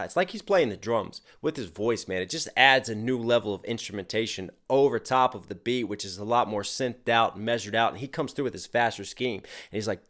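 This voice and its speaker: A man's voice: lowish voice, brisk, hardly any pauses, a bit bright. A man reacting to a rap video, enthusiastically analyzing the lyrics with casual swearing. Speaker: rapper reacting to music videos.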